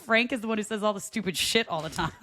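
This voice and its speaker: A woman's voice: medium pitch, brisk, fairly bright tone. A woman co-hosting a casual podcast, giggly and teasing, swearing freely in banter with her co-host. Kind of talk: casual chat.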